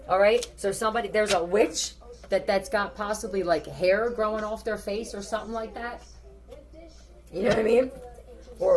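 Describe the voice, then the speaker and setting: A woman giving a casual tarot reading, thinking aloud in a blunt, profane way. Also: mid-range voice. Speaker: tarot reader.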